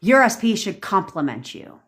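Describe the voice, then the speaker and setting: A woman's voice: mid-range voice, very animated, normal speed, fairly bright tone. Young woman, livestream rant, blunt, swears a lot, mimics pleading voices. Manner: blunt, profane, emphatic; acts out pleading and smug inner voices. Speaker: manifestation coach.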